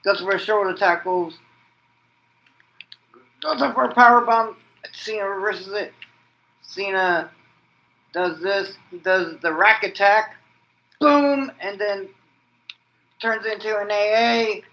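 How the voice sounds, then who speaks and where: Calling a fantasy-booked match on his wrestling vlog, a man with a bright, high-sitting voice speaks unhurriedly over a rough recording. He rambles, restarts with "and then," and bursts out with loud pin counts and move names.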